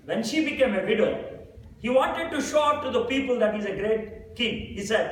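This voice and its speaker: Man, preacher, sermon storytelling, animated pitch, very echoey hall, distant mic. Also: moderate pace, a little hiss or hum. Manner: retells scenes with quoted dialogue, explains plainly. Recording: very echoey room, mic far away.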